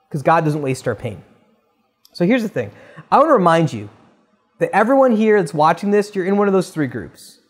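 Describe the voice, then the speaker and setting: Earnest pastor preaching casually. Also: male voice, fairly high pitch, darkish tone. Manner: conversational, earnest, addresses listeners as guys. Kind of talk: sermon.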